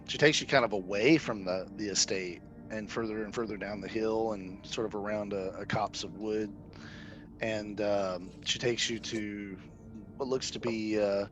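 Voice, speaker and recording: A man narrating as game master of a tabletop game, rambling with frequent fillers and restarts. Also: lowish voice. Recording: dull lo-fi audio.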